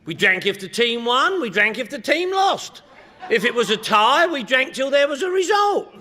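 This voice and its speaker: A middle-aged man with a London accent speaks to a crowd in a bright, fairly high voice. His pitch swings widely as he tells comic stories in a punchy way, now and then breaking into a shout. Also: big pitch swings, normal speed. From England. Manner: loud, joking, punchy with bursts of shouting. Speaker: recovery meeting speaker. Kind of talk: comic storytelling talk to a crowd.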